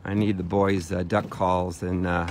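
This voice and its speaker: A man chats his way through a lakeside walking tour, playful and unhurried, pausing often with "uh". His voice sits low and he talks slowly. Steady outdoor noise is clearly heard behind him. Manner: playful, chatty, with frequent "uh" pauses. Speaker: vlogger giving a walking tour. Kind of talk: casual walking-tour vlog. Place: outdoors by a lake.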